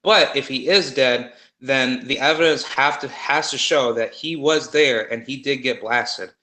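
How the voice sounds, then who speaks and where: A man in casual conversation, rambling and animated with many fillers and restarts. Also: medium pitch, measured pace, roomy sound, rough recording. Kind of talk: casual conspiracy chat.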